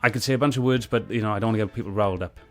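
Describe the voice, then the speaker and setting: A man's voice: on the low side, rapid-fire, fairly bright tone. Man, reaction commentary, earnest and heated, faint music underneath. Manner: argues back at the clip, earnest and heated. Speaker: video reviewer.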